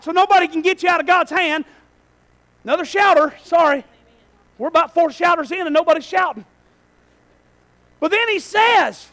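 A male pastor preaching a sermon in a church, swinging between shouted lines and quiet asides. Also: very high-pitched, rough recording.

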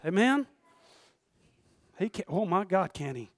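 A man preaching a sermon in a fervent, folksy way, moving between loud outbursts and hushed asides and chuckling often. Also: high voice, very animated, measured pace, no echo.

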